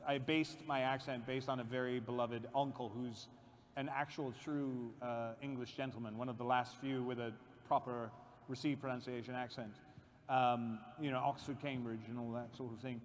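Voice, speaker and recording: A man's voice: medium pitch, moderate pace, slight background noise. A man talking animatedly and playfully as an actor on a convention panel. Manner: animated, playful, slips into voices. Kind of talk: casual panel chat. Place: large convention hall. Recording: echoey convention hall.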